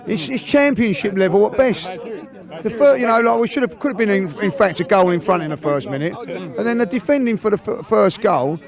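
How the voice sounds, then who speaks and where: Man, fan, high voice, frustrated, emphatic. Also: animated, fairly quick, a crowd in the background. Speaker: football fan. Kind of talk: frustrated fan rant to camera.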